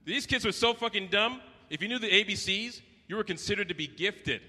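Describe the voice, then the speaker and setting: A Canadian man does a brash, profane stand-up routine at a live venue, acting out voices as he goes. His voice is high, slightly rough and sharp, with lively intonation and a brisk pace, recorded in an echoey hall with faint noise.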